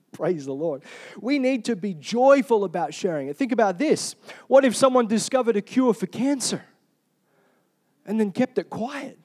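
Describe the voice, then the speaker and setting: A man preaching a sermon in an energetic, humorous way, often asking the congregation "Amen?". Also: high-pitched, unhurried, pauses often.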